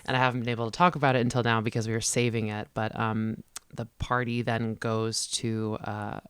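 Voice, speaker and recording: A man's voice: lowish voice, flat delivery, fairly quick, smooth, no echo. A man co-hosting a podcast, casually retelling a book's plot in long run-on summaries. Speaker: podcast co-host. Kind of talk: casual book discussion.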